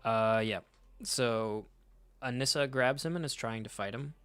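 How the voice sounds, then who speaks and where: A man's voice: medium pitch, unhurried, a bit bright, smooth. A man casually reading through comic issues and chatting about them, joking, swearing freely and correcting himself mid-sentence. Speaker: comic book reader and commentator.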